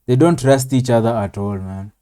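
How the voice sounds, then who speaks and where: A man's voice: medium pitch, normal speed, dark tone, smooth. A man casually commenting on a TV episode as he watches, rambling and tacking "man" or "bro" onto his lines. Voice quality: says "man" and "bro" constantly, rambling with fillers. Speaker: reaction video host. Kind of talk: casual commentary over TV clips.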